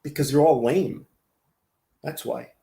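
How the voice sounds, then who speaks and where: A man's voice: mid-range voice, takes it slowly, gravelly, warm tone, roomy sound, a little hiss or hum. A man hosting a casual livestream, rambling and laughing as he reacts to chat comments. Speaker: livestream host.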